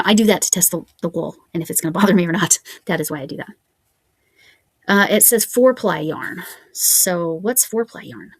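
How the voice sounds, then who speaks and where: Casting: woman vlogger, lowish gravelly voice, chatty show-and-tell, thinks out loud. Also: no room sound. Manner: chatty, musing aloud while reading yarn labels. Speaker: crochet vlogger. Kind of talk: casual show-and-tell chat.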